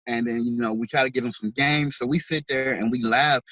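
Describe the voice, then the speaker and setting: A man's voice: mid-range voice, steady tone, fairly quick, fairly bright tone, no room sound, highs cut off. A man giving an interview, talking in an earnest, heartfelt way and often repeating words as he speaks. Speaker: author and veterans charity organizer. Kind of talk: interview guest.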